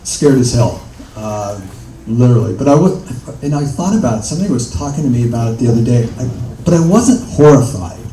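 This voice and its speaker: A man's voice: medium pitch, animated, warm tone, slight background noise. Older guy telling his story, lots of ums and laughs, echoey room, mic kinda far. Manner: halting, with many fillers and laughs. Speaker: interview guest. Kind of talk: conversational storytelling.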